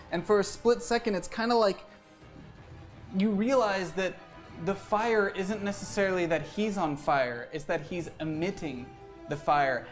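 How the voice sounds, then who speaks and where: A man running a tabletop game as game master, narrating scenes in an easygoing way and often laughing. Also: high-pitched.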